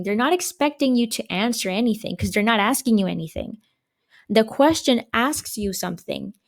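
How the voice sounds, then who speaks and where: A woman teacher records a grammar lesson for her young students. Her voice sits a little high, and she explains each point patiently, posing questions and answering them herself. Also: a little mellow.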